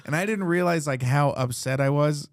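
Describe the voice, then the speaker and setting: A man's voice: on the high side, moderate pace, dry recording, studio quality. A man hosting a podcast, telling rambling anecdotes full of fillers in a casual chat. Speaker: podcast host.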